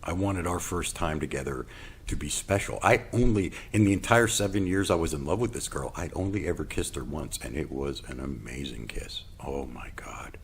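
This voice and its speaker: A man's voice: low-pitched, a little fast, a little hiss or hum. A man telling a personal story in a monologue, acting out quoted lines and sometimes dropping to a whisper. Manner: animated storyteller, acts out quotes, drops to a whisper. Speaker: podcast host.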